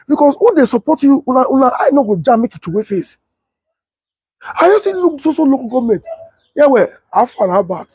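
Young nigerian guy telling a funny story in pidgin, high husky voice, dry close sound. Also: a little fast, no echo. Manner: animated, laughs often, mimics sirens. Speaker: comedian storyteller.

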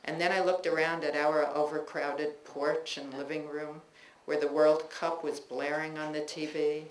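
A woman reading her own personal essays aloud to an audience in a bookstore, measured and reflective, with chatty asides between pieces. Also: low voice, little pitch movement, slight background noise. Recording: echoey room recording with faint ambience.

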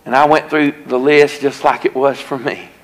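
A man's voice: medium pitch, little pitch movement, moderate pace, low-quality recording. A male evangelist, preaching a revival sermon in a church and telling a folksy story that grows into an earnest warning. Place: church sanctuary.

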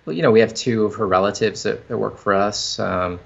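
A man, a company founder, talking casually in an interview, halting with frequent restarts and fillers. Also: on the low side, creaky, lo-fi sound.

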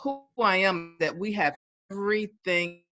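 A woman's voice: medium pitch, measured pace, a bit bright, lo-fi sound, soft background music. A woman speaking as a panelist on a video call, encouraging and affirming as she talks.

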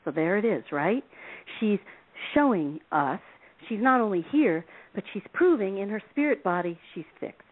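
Woman, expressive storyteller, laughs often, phone-line audio. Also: medium pitch, moderate pace. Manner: lively, acts out voices in her stories, laughs often. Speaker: relationship advice author, guest. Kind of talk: animated storytelling on a call-in radio show.

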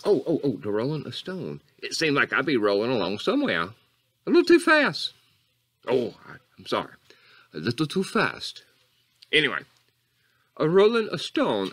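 A man playing Coach Catfish, an eccentric rambling character who drifts off on tangents and jumps between squeaky highs and low mutters. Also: pushed and bright, breathy edge, heavily acted. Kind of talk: comedic character monologue.

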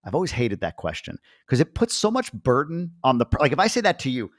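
A man in his forties hosting a podcast interview, chatty and animated, acting out quoted voices. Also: medium pitch, fast, no room sound, clean studio sound. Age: 40s. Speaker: podcast host. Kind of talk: casual interview chat.

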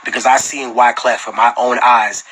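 A man's voice: mid-range voice, moderate pace, breathy edge, rough recording. A man answering fans on a phone livestream in casual talk. He tells profane stories with lots of energy and laughs often. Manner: animated, profane storyteller who laughs often. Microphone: phone camera.

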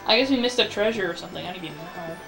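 A man's voice: high-pitched, racing, creaky, over music. A man giving casual let's-play commentary, rambling and ranting about the game as he plays. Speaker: gameplay commentator.

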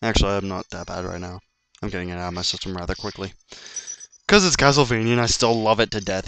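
A man's voice: fairly low pitch, steady tone, fast talker, fairly bright tone, clean tone. A man doing gameplay commentary, ranting in frustration and swearing often. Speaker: let's play commentator. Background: faint game music.

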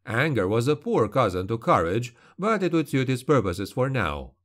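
A man narrating a dark fantasy audiobook in a steady, grim, even delivery. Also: mid-range voice, normal speed.

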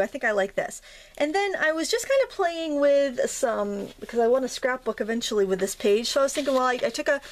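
A woman's voice: a little high, a little hiss or hum. Chatty woman demonstrating crafts. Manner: chatty, rambling, with many fillers and self-corrections. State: slightly out of breath from pressing stamps. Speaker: craft tutorial host.

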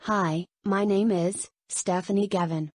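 A woman's voice: mid-range voice, steady tone, unhurried, darkish tone, slightly rough, dry recording, studio quality. A woman playing a nervous young coworker.

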